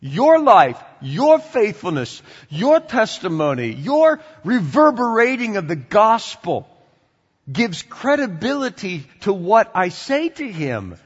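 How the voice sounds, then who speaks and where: The fairly high voice of a pastor, slow-paced and slightly rough, fills a church sanctuary with long reverb as he gives a sermon, though the sound is somewhat muffled. He alternates between loud, animated exhortation and quiet, chatty asides.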